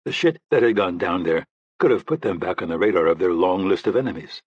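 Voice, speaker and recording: A man narrating a thriller audiobook in a steady, even storytelling manner. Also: deep voice, fairly quick, husky, no echo, lo-fi sound.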